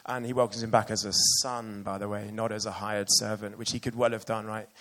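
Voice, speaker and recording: A man's voice: on the low side, little pitch movement, fairly quick, a bit bright. A man preaching a sermon earnestly and with emotion, reading passages aloud to his church.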